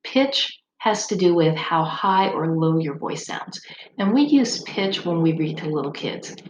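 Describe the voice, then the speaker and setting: A woman's voice: fairly low pitch, lively intonation, a little slow. A woman speech instructor giving a recorded lecture in a conversational, explanatory way, with occasional ums. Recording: roomy echo with faint background noise.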